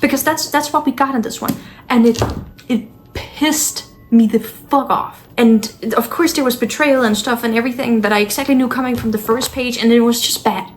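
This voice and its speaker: A woman's voice: on the high side, fairly even intonation, moderate pace, a little hiss or hum. Exasperated woman ranting and swearing. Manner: blunt and exasperated, with sighs. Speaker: book vlogger. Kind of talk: casual vlog talk to camera.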